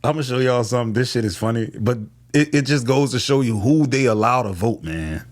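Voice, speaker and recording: A man's voice: medium pitch, fairly quick. A man giving casual reaction commentary between clips, with blunt, slangy asides.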